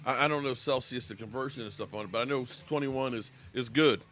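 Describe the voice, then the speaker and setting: A man's voice: mid-range voice, fast, fairly bright tone, a little hiss or hum. An American man hosting a casual live sports reaction stream, chatting with viewers by name and talking while he eats.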